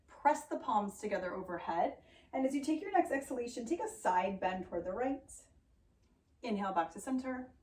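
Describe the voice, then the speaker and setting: A woman leads a yoga flow in a calm, steady voice, counting breaths and adding playful sounds. Her voice is mid-pitched and carries an open, echoing room sound. She is recorded from some way off the microphone. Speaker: yoga instructor. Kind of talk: guided yoga class cueing. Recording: roomy echo, voice from a distance off the mic.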